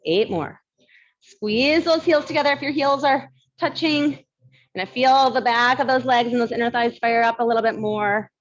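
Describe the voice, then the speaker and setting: A woman's voice: on the high side, normal speed, lo-fi sound. Chatty woman coaching a barre class. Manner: chatty, laughs often, counts reps; mild lisp from new aligners. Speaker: barre fitness instructor. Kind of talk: live fitness class instruction.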